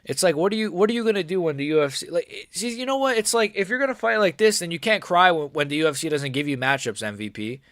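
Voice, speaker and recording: A man's voice: high-pitched, quick pace, few pauses, a bit bright, no echo, studio quality. A young man doing casual live commentary on a fight stream, with slangy, rambling speech and blunt, mocking opinions. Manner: slangy, rambling, frequent "bro" and "like".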